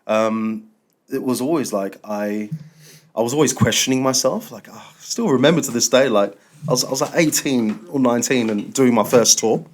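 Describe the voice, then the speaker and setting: A man in his forties, a guest on a podcast, telling reflective stories in a relaxed, casual way, peppering his talk with "like" and "man". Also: mid-range voice, normal speed. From Australia. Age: 40s. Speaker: guest, drum and bass MC. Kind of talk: reflective storytelling in casual chat.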